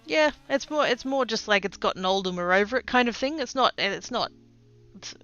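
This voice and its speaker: An Australian woman chatting casually on a livestream while she crafts, rambling and often trailing off into quiet asides. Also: on the high side, fairly quick, dull audio, soft background music. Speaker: streamer.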